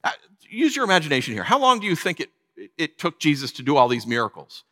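A man preaching with a bright, fairly high voice that climbs and dips all over as he acts out the people in his story. His sermon rings with a long hall reverb, giving the sense of a big church sanctuary. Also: fast talker. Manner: animated, conversational preaching with acted-out quotes. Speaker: pastor.

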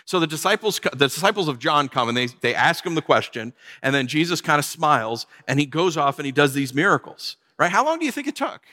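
A man preaching a sermon in a lively, conversational way, acting out the people he talks about. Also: fairly high pitch, quick pace, few pauses, big-room sound. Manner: animated, conversational preaching with acted-out quotes. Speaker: pastor.

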